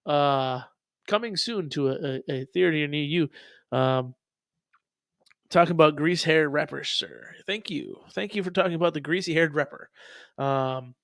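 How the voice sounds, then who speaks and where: A man's voice: fairly high pitch, normal speed, creaky, fairly bright tone, dry recording, studio quality. A man in his thirties hosting a casual live stream, rambling and profane with many ums. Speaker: streamer host reacting to music.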